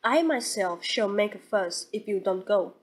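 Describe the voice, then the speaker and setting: A woman voicing a courteous, formal young gentleman in an audiobook, speaking with polite restraint. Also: mid-range voice, expressive, a little slow.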